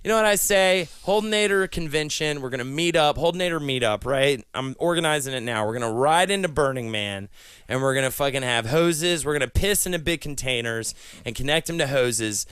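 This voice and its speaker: A man delivering a rambling, profane comedy monologue, a podcast co-host who swings from low mutters to shouted rhyming rants. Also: expressive, a little fast, no echo. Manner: crude, profane stream-of-consciousness ranting; drops low and gravelly, then shouts and chants in rhymes.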